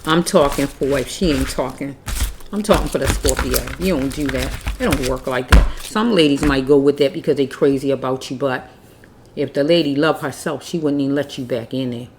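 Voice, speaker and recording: A woman's voice: extremely low pitch, fairly quick, background noise. A woman giving a casual tarot reading, blunt and preachy, repeating herself as she scolds. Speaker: tarot reader.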